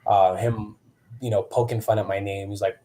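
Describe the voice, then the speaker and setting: A man's voice: on the low side, level tone, moderate pace, mellow. A man in his thirties, a wrestler guest, chatting casually on a video call and acting out quotes in shifting voices. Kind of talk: casual storytelling chat.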